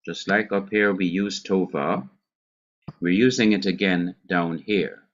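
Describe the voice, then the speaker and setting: Jamaican man, teacher, unhurried classroom delivery, repeats each term, muffled lo-fi sound. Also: deep voice. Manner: slow, deliberate, repeats key words. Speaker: Hebrew teacher. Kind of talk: classroom grammar lesson.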